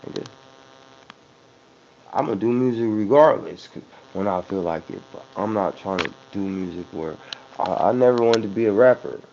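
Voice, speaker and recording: Low-voiced rambling rapper, muffled recording. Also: male voice, animated, moderate pace, vocal fry, pauses often, darkish tone. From San Francisco Bay Area. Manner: loose, rambling and profane, with many restarts. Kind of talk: casual interview talk. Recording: muffled lo-fi recording with faint hum.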